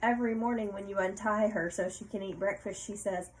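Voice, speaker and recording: A woman reading a picture book aloud to a child, playful, pausing to ask questions and laughing often. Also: medium pitch, fairly even intonation, a little hiss or hum, low-quality recording.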